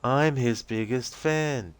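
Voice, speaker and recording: A fragile, dazed young waitress, as a man reads her part aloud, sobbing through slow, broken sentences. Her voice sits high and trembles while she pleads. It comes across smooth and close, with no room sound. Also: no room sound, close to an everyday voice. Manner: halting, tearful, slow and pleading. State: crying. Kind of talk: reading game transcripts aloud with voices.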